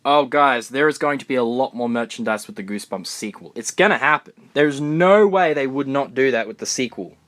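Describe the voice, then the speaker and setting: A young man from Australia chatting excitedly through a live Q&A stream, recorded on his phone in a room of books. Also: medium pitch, a little fast, hardly any pauses. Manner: chatty, excitable, answers comments on the fly. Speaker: fan vlogger. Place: room full of books, indoors.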